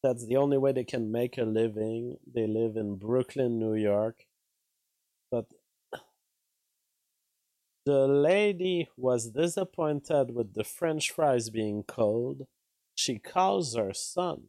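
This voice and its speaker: A man's voice: mid-range voice, takes it slowly, long pauses, dark tone, no echo. A man hosting a casual news commentary show, wry and given to laughing at his own remarks. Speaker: host.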